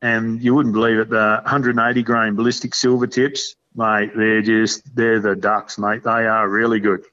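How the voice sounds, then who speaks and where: A man's voice: lowish voice, level tone, normal speed, few pauses, bright, forceful tone. A man with an Australian accent chatting casually as a podcast guest, rambling in a laid-back, blokey way full of slang. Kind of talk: casual chat. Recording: dull lo-fi sound.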